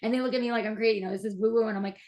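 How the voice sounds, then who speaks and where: A woman's voice: on the high side, steady tone, rapid-fire, darkish tone. A woman in her thirties in casual heartfelt conversation, enthusiastic and gushing, with many fillers. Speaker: mother and breathwork practitioner.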